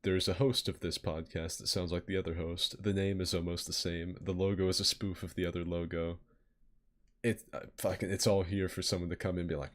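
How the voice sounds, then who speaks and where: A man's voice: low-pitched, flat delivery, brisk. A man hosting a podcast in casual chat, swearing and self-mocking, often laughing. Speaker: podcast host.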